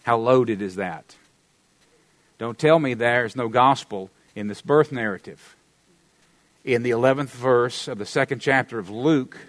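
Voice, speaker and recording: Middle-aged Southern American male pastor, emphatic sermon delivery, dry close sound. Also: dry recording. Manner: emphatic preaching with wide swings in pitch and volume, Southern humor.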